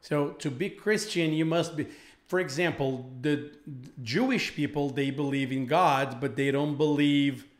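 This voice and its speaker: A Brazilian man leads a live English lesson online, talking slowly and repeating phrases so learners can follow. His voice sits fairly high.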